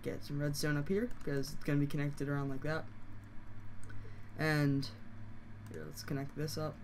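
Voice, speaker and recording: A hoarse game tutorial host who is losing their voice, explaining steps casually with fillers and frequent self-corrections. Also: mid-range voice, steady tone, moderate pace, background noise. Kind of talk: casual screen-recorded tutorial.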